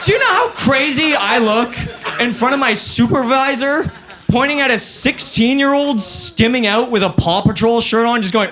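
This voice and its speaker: A young male comedian in his twenties with a high voice that swings widely up and down. He rambles loosely and swears freely through his set on a handheld mic. Clear audience and room noise run underneath. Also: animated, normal speed. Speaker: stand-up comedian. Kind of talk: stand-up comedy. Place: comedy stage before a live audience.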